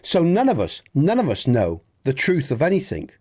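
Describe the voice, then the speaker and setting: A man's voice: a little high, huge pitch swings, moderate pace, a little mellow. An English man with a Dorset accent chatting earnestly and ramblingly with viewers during a game livestream, often restarting and swearing mildly. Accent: Dorset, Southwest English. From England. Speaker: streamer. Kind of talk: casual livestream chat with viewers.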